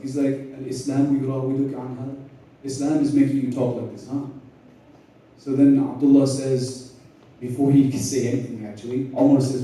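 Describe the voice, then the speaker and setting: Brief: male lecturer, lively storyteller, dark mellow voice, roomy hall sound from a distance. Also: mid-range voice. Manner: animated storyteller, acts out dialogue, laughs often. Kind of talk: lecture retelling history in casual slang. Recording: echoey hall, mic at a distance.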